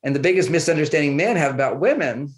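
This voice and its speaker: In a conversational interview, a male guest tells easygoing personal stories about his relationships, acting out bits of dialogue and chuckling often. His voice is a little high, expressive and fast.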